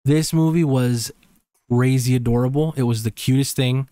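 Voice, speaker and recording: A man with a mid-range voice co-hosts a podcast, speaking in an easygoing, meandering way that is full of pauses and restarts. The recording is dry and close, with no room sound. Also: medium pitch, fairly even intonation, mellow, clean tone, dry recording. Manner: laid-back, rambling, drawn-out phrasing with hesitations. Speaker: podcast co-host. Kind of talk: casual chat.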